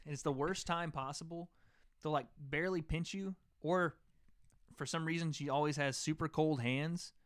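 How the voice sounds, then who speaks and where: A man's voice: fairly high pitch, fairly even intonation, moderate pace, clear, resonant tone. A young man hosting a casual livestream chat, joking around and reading out viewer comments. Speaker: host.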